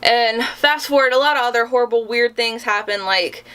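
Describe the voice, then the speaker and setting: A young woman telling a dramatic storytime about a travel ordeal, animated and self-mocking. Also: a little high, moderate pace, smooth. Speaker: vlogger. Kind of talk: storytime vlog.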